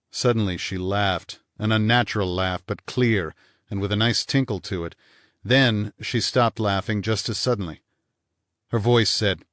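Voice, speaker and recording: A man reading a hardboiled first-person crime novel aloud in a measured, dry delivery. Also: lowish voice, a bit bright, dry recording. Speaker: audiobook narrator. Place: studio booth.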